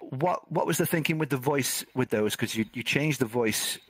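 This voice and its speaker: A man's voice: mid-range voice, normal speed, husky, dry recording. A man hosting an interview, asking hesitant questions with many restarts. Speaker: host.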